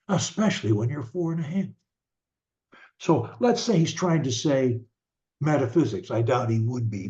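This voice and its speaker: An older man coaching parents on speech, talking in a slow, deliberate way with halting restarts. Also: medium pitch, a little mellow. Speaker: stuttering coach. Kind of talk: advice talk to parents. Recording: dull lo-fi sound.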